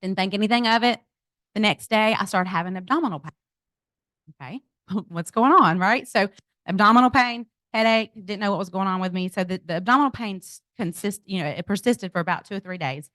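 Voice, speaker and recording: A middle-aged woman tells a personal story to a gathered crowd, talking straight to them as "y'all." Her delivery is expressive, with a voice of ordinary pitch for a woman. The sound is dry and close, with little room echo. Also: a little fast. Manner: animated storytelling, addresses audience as y'all. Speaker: speaker at a business event. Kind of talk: personal testimony told to a group. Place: event venue.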